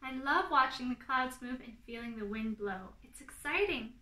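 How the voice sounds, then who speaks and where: Adventurous young fox, voiced by a woman, storybook, eager, loud, bright. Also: sits high, expressive, normal speed, echoey room, rough recording. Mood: excited.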